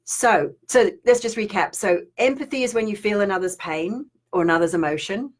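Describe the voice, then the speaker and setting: A woman's voice: mid-range voice, brisk. Woman spiritual teacher, rambling live-stream chat with viewers. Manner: chatty and rambling, reads viewer comments aloud.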